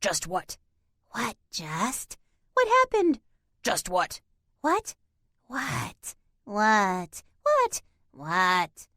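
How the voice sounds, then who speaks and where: Eerie monster cats in a storybook parrot every word in wispy, scratchy voices that leap high and drop low, all put on by a woman. The voices are dry and close. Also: huge pitch swings, extremely slow, pauses often, bright, forceful tone, no echo, heavily acted. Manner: parroting, overlapping chatter.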